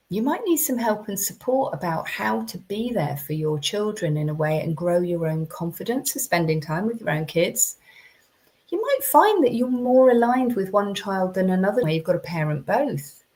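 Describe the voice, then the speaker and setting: A woman's voice: medium pitch, expressive, normal speed, darkish tone. A woman coaching parents in a chatty live-streamed talk, with many ums and restarts.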